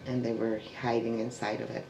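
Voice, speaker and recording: A man telling a family oral history in a halting way, full of restarts and trailing fillers, and sometimes dropping to a soft hush. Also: mid-range voice, completely flat delivery, vocal fry. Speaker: family storyteller. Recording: echoey room with faint background noise.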